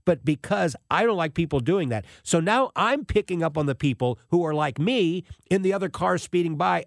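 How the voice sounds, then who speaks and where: Lively storytelling radio host, man in his sixties. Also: on the high side, normal speed, gravelly, hardly any pauses, dry recording, clean studio sound. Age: 60s. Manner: animated, rambling storyteller with frequent restarts. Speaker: radio talk show host. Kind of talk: casual talk radio monologue.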